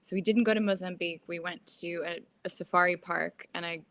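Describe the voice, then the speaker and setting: A woman with a lowish, gravelly voice chats in a relaxed way. She often trails off and restarts her sentences. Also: brisk, dry recording. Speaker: guest. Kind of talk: casual chat.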